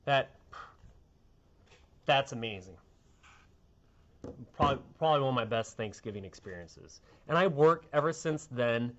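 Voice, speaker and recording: A man's voice: mid-range voice, muffled recording. A middle-aged man, a TV meteorologist, chatting casually and rambling on air in a sentimental way.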